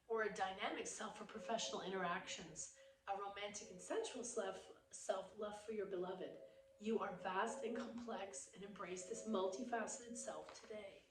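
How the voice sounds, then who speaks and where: A woman with a hoarse voice, reading reflections to a yoga class in a calm, gentle way. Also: medium pitch. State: hoarse, losing her voice. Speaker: yoga teacher. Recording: roomy echo, distant mic, faint background noise.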